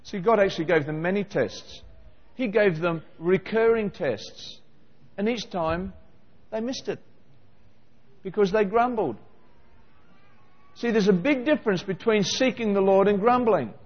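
Male preacher, high voice, questions the congregation, dull roomy hall sound. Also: measured pace, long pauses. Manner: animated, questioning the congregation directly. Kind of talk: sermon.

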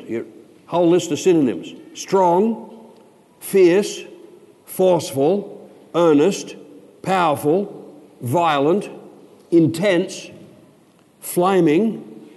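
Emphatic preacher in a reverberant hall. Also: male voice, fairly high pitch, a little mellow. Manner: emphatic, slows down to stress words. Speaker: pastor. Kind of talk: sermon.

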